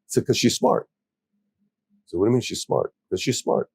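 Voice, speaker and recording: A male host leads a conversational interview, working through his points in a measured way. His voice is dark and husky. The sound is dry and close. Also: medium pitch, expressive, dry recording. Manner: measured, asks probing questions. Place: interview set.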